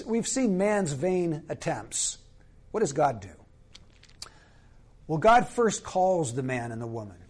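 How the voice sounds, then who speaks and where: A man preaches earnestly and emphatically, slowing down to stress key phrases. His voice is on the high side with a darkish tone.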